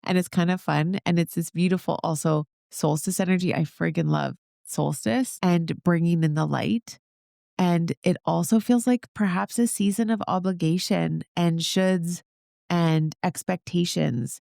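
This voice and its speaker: Upbeat woman podcaster with a gravelly edge. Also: lowish voice, measured pace, mellow, dry recording, clean studio sound. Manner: upbeat, encouraging, talks straight to listeners. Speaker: podcast host. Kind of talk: solo motivational podcast talk.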